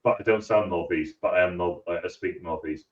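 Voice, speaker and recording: A man from northeast England co-hosting a film review podcast, talking casually with halting restarts. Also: deep voice, echoey room. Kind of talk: casual chat. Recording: muffled lo-fi audio.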